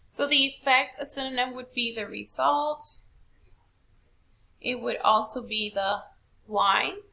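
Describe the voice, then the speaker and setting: A woman's voice: fairly high pitch, creaky, bright, forceful tone. A woman teacher walking a class through a poetry question, patient and step by step, asking rhetorical questions. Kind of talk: recorded classroom lesson.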